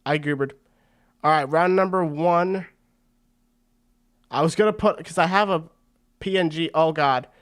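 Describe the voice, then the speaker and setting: A man's voice: fairly high pitch, a little slow, pauses often. A man hosting a fight watch party, giving casual, rambling commentary full of slang. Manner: excitable and rambling, slangy with frequent "bro".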